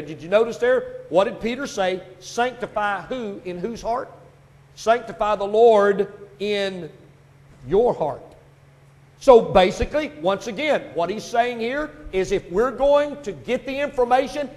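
A man with a high voice preaches a sermon, spinning everyday stories before driving his point home in loud, punchy bursts. The sound rings with a long echo from a church hall. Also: lively intonation, normal speed. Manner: storytelling preacher, building to loud emphatic bursts. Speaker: pastor.

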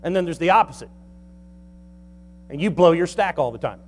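A man's voice: a little high, expressive, moderate pace. A middle-aged man, a pastor preaching a folksy, humorous sermon.

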